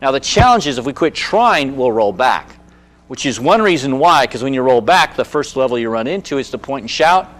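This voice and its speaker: A man's voice: mid-range voice, fairly quick. A man in his sixties giving a presentation on handling anger, telling personal stories and acting out the voices of the people in them. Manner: animated storyteller who acts out quotes. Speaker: speaker on anger management.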